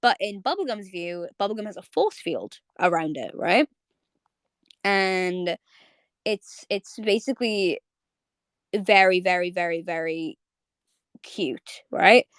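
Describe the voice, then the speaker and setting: A young woman hosting a live audio chat on a home mic, rambling in quick bursts with lots of fillers and repeats. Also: fairly low pitch, animated, clean tone, no echo, clean studio sound. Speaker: host of a live audio space. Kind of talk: casual live chat to listeners.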